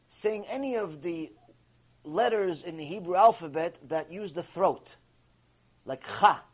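A rabbi teaching a Torah class speaks in a raspy, higher-pitched voice. His delivery is emphatic and instructive, and he hammers points home by repeating key phrases.

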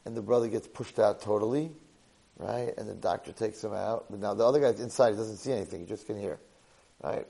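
A man teaching a Torah portion lesson to a live class, an animated storyteller sprinkling in Hebrew and Yiddish words. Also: lowish voice, brisk, gravelly, poor audio.

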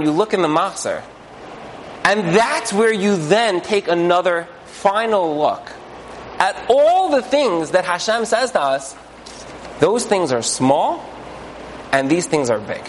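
A man giving an animated religious talk, acting out inner voices and asking rhetorical questions. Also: sits high, slight background noise, low-quality recording. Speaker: Jewish teacher.

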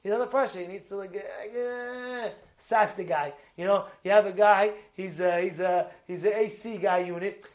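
A man giving an animated sermon as a rabbi, acting out shouts and quotes with many restarts. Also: sits high, fairly quick, few pauses. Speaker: rabbi giving a weekly Torah talk.

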